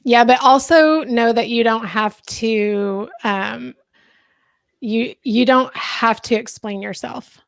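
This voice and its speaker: A woman's voice: a little high, slow, creaky, no echo, studio quality. A woman co-hosting a motivational podcast, speaking in a reflective, reassuring way. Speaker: podcast co-host. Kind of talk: casual podcast discussion.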